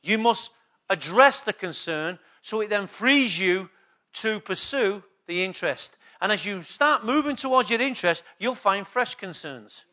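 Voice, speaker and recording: With a high, bright, forceful voice, lively intonation, and a measured pace, a man preaches to the church he pastors. His sermon is emphatic and repetitive, punctuated by call-and-response questions to the congregation.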